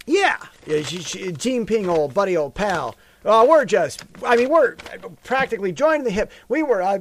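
Brief: boastful rambling male president, as a man mocks him, voice high and bouncy. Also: no room sound. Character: boastful male president bragging about a friendship.

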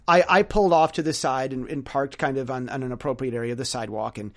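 A man's voice: medium pitch, fast. A man hosting a solo podcast, telling a rambling story with sarcasm and lots of stammered restarts. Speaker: podcast host.

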